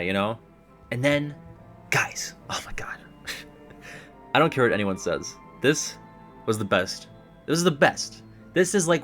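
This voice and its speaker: Excitable, rambling young man with a low voice. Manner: rambling, excitable, full of "like" and laughs. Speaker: video game commentator. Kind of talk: casual reaction chat.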